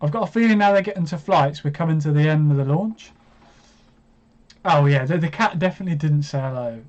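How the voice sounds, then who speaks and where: Man, 25, stream host; casual, self-mocking chatter, slightly high pitch, muffled lo-fi sound. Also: normal speed, darkish tone. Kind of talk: casual live stream chat. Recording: dull lo-fi stream audio.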